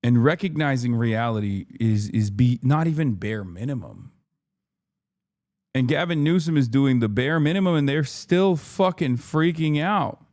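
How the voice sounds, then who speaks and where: A man's voice: medium pitch, lively intonation, measured pace, darkish tone. A man ranting in livestream commentary, exasperated and profane, repeating himself for emphasis. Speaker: streamer reacting to news.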